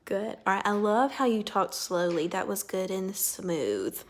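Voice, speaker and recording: Speaking slowly and with care, a woman speech therapist leads a child through a lesson and praises them gently. Her mid-range voice is animated.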